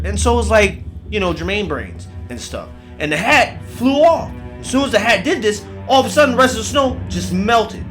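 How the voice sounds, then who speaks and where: A man telling a comic horror story in a profane, animated way, crying out as he acts the pain. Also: very high-pitched.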